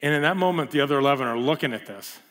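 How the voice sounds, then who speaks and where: A man preaching a sermon in a casual, animated way, full of rhetorical questions and asides. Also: medium pitch, rapid-fire.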